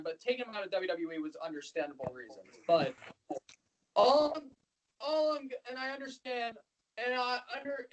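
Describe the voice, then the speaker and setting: A man's voice: sits high, rough recording. A man co-hosting a casual podcast chat, rambling and repeating himself with emotion. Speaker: podcast co-host.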